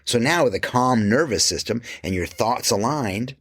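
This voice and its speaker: Man, husky voice, lively swooping delivery, emphatic, casual swearing, motivational monologue, dry sound. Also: moderate pace, dry recording. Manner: animated, drops to low quiet asides. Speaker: creative coach.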